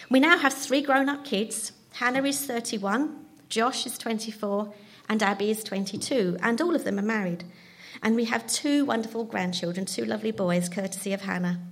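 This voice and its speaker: Woman, 50s, church testimony, chatty, self-deprecating. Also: medium pitch. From London. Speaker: church speaker. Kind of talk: personal testimony talk.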